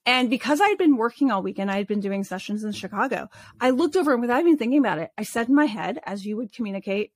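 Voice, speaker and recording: Brief: expressive woman guest, higher voice, dry close sound, chatty storytelling with restarts. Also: quick pace, dry recording. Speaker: animal communicator guest. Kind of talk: casual storytelling interview.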